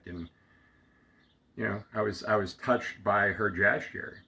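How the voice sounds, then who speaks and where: A man slowly telling a heartfelt personal story, halting often with fillers and restarts, close to tears at times. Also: on the low side, steady tone, creaky, bright, forceful tone. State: getting emotional. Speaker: storyteller sharing a personal memory. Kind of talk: reflective personal monologue.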